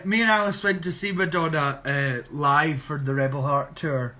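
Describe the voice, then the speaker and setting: A man's voice: a little high, steady tone, normal speed, sharp tone. A young Scottish man on a casual live stream, reading out viewer questions and answering in a chatty, sarcastic way. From Scotland. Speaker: drag performer on a live stream.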